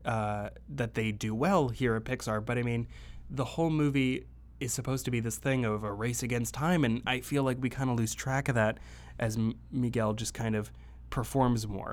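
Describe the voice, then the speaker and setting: A young man hosting a podcast, giving a rambling, self-deprecating and jokey solo movie review. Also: medium pitch. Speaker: podcast host.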